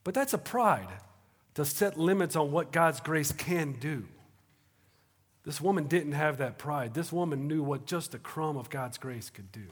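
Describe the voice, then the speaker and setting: A man preaching a sermon in a conversational way, moving between hushed moments and animated bursts. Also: fairly high pitch, measured pace, slightly rough. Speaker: pastor. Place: auditorium. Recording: reverberant auditorium.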